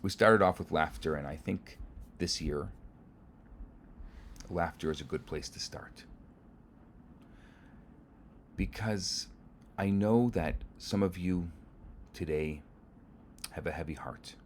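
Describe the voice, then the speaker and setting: A man giving a gentle, earnest holiday sermon as rabbi. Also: deep voice, unhurried, long pauses, slight background noise.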